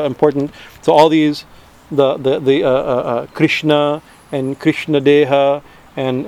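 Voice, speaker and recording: A man's voice: on the high side, a little mellow. Man teaching with frequent "right?" tags. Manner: conversational, many restarts, frequent "right?" tags. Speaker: spiritual teacher. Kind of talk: informal spiritual teaching.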